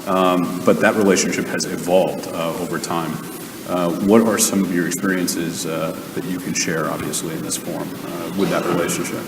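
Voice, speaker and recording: A man's voice: sits low, steady tone, normal speed, gravelly, noisy background. A man interviewing a guest onstage, asking rambling questions with fillers. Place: event stage. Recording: distant mic, roomy hall with ambience.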